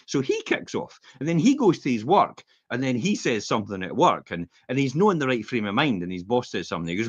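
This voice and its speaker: A man's voice: mid-range voice, quick pace, hardly any pauses, husky, no room sound. A middle-aged Scottish man co-hosting a podcast, chatting casually and telling rambling stories with acted-out quotes. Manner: rambling, animated storyteller who acts out quotes. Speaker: podcast co-host. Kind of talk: casual chat, anecdotal storytelling. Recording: dull, slightly lo-fi podcast audio.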